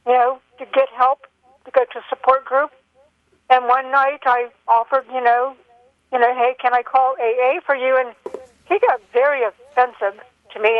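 A woman's voice: fairly high pitch, dry recording. Older woman caller on a dull phone line. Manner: earnest, halting storytelling with many fillers. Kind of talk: phone-in call. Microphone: telephone.

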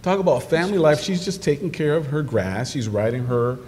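A man preaching a sermon, animated storytelling that jumps into excited quoted voices. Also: on the high side, a little fast. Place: church sanctuary. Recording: distant microphone in a reverberant church hall with noise.

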